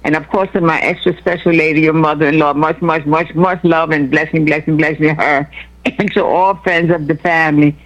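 A woman's voice: deep voice, fairly even intonation, brisk, dull audio. An older woman, calling a gospel radio show and showering everyone with blessings, repeating words in long strings. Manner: effusive, repeats words in strings, laughs often. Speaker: caller.

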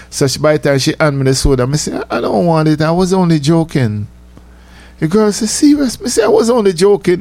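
A man's voice: mid-range voice, no room sound. A man, telling a casual personal story, chatty and laughing often. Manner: chatty, laughing, repeats himself, says "you know" often.

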